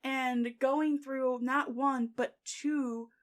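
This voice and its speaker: A woman's voice: high-pitched, fairly even intonation, very slow. Chatty young woman hosting a book podcast. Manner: chatty, laughs often, reads quotes aloud. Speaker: podcast host. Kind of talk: casual book chat.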